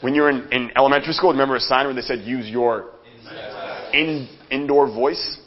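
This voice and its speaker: A man giving a live motivational seminar talk, energetic and profane, speaking straight to the audience in the room. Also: medium pitch, fairly quick. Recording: dull lo-fi sound.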